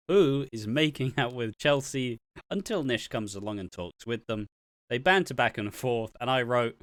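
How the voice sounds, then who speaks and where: A man chats through a soap opera recap, laughing easily and often restarting his sentences. His voice sits at an ordinary middle pitch. The sound is dry and close. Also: normal speed, fairly bright tone, dry recording. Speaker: podcast co-host.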